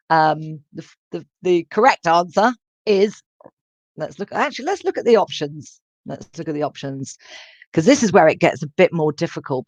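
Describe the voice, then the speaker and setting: A woman teaching a live online English class, speaking clearly and repeating phrases and questions for her students to follow. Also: sits low, no echo. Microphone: computer microphone in a live online lesson. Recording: dull, dry lo-fi stream audio.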